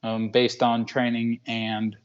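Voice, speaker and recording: A man in his twenties from Washington State, a guest talking earnestly and haltingly with many pauses. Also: medium pitch, completely flat delivery, clean tone, lo-fi sound. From Washington State, USA. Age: 20s. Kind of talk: casual interview chat.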